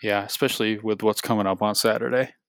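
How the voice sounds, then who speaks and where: Clear-voiced man rambling through game analysis. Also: on the low side, steady tone, quick pace, a bit bright, no echo. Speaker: podcast co-host. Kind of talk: casual sports analysis chat.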